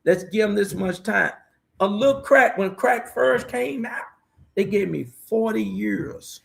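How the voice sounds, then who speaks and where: A man's voice: sits high, measured pace, vocal fry. A middle-aged man, a pastor telling his life testimony in a preaching storyteller's way. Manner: preaching storyteller, repeats "watch this here". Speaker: pastor guest. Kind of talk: emotional testimony.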